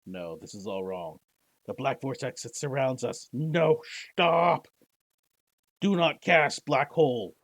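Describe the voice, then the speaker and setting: A man voicing a spirited young woman adventurer in a text-based game, raising his voice high and loud. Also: normal speed, long pauses, dry recording. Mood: panicked. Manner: raised and high-pitched, urgent.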